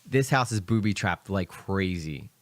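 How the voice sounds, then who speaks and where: A young Philadelphia streamer with a light Philly accent rambles casually while reacting to videos live, full of fillers and asides. His low, animated voice is a little slow, in a dry recording.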